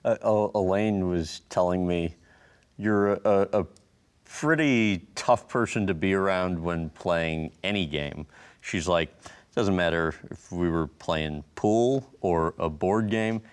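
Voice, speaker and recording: A man's voice: deep voice, takes it slowly, clear, resonant tone. A man interviewing a guest, asking short questions and reading out quotes. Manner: reads out quotes, asks brief follow-ups.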